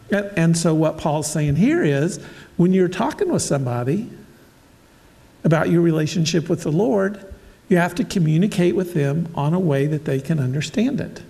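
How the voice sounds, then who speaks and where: A man's voice: fairly high pitch, vocal fry, mellow. A man preaching a casual sermon, telling everyday stories and talking directly to his congregation. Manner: conversational, storytelling, asides to congregation. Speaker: pastor. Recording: long hall reverb.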